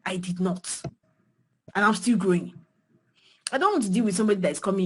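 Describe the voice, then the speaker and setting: A young woman with a Nigerian accent speaks with fiery conviction to beginners, hammering points home by repeating them. Her voice is husky and slightly rough, leaping up high and dropping low as she presses each point. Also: lively intonation, very fast. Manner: emphatic, swings pitch and loudness widely, repeats phrases for emphasis. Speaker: design mentor speaking to beginners. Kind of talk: passionate motivational talk.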